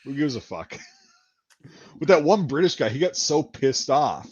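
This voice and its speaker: A man's voice: a little high, big pitch swings, unhurried, a little mellow, slightly rough, dull audio. A man telling a rambling, profane story in casual chat, acting out the lines of the people in it. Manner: profane, rambling anecdotes with acted-out quotes.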